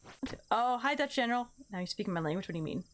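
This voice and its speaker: A woman's voice: on the high side, lively intonation, rapid-fire, slight background noise. A young woman live-streaming a game, chatting casually with her viewers and counting her jumps aloud in a bubbly, playful way.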